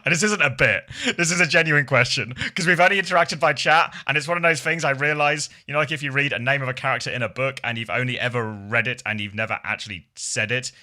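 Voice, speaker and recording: A man's voice: medium pitch, sharp tone. A middle-aged man, chatting playfully with his live-stream viewers and laughing often. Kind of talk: casual live-stream chat.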